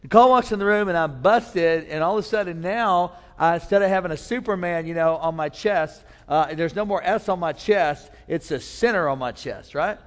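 A man's voice: high voice, moderate pace, few pauses, big-room sound. A man preaching a sermon, telling a funny personal story and acting out voices for laughs. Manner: storytelling with humor, acts out voices. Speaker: pastor.

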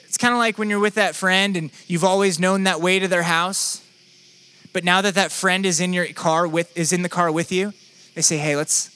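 A man's voice: sits high, fairly even intonation, moderate pace, bright, forceful tone, clean tone. A young man preaching a sermon in a conversational, playful, self-deprecating way. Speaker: pastor.

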